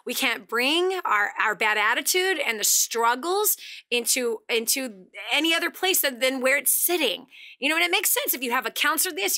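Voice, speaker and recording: A middle-aged woman hosting a motivational talk show, chatty and animated, laughing often as she talks. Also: high-pitched. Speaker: radio show host.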